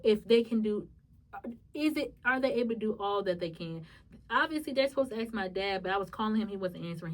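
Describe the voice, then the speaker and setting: A woman hosting a podcast, telling a personal story in a halting, emotional way with many restarts. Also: medium pitch, recorded from a distance, poor audio. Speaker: podcast host.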